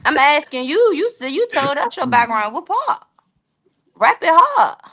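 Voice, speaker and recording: High lively teasing woman host. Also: moderate pace, dry recording. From Uptown. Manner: pointed, teasing questioner. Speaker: stream host. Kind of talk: casual live-stream chat.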